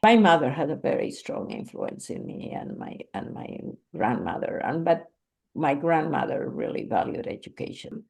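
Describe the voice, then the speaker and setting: A woman from Bolivia, a guest slowly recalling her family in an interview. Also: low voice, sing-song, creaky, a little mellow. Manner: slow, measured recollection. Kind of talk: conversational storytelling interview.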